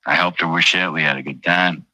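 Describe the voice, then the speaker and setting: A man's voice: low voice, fairly even intonation, a little fast, pushed and bright, rough recording. A man telling a personal story on a casual livestream, blunt and heavily profane, often repeating his phrases. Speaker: livestream host.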